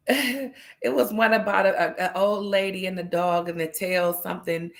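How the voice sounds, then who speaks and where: A woman's voice: medium pitch, creaky. A woman hosting a casual morning livestream, chatty and laughing often as she greets viewers by name. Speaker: livestream host.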